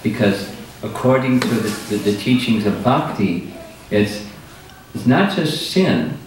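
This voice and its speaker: A man's voice: medium pitch, sing-song, unhurried. An older man, a spiritual teacher, explaining ideas in a thoughtful, patient way during a lecture with audience questions. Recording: roomy hall, distant mic, faint noise.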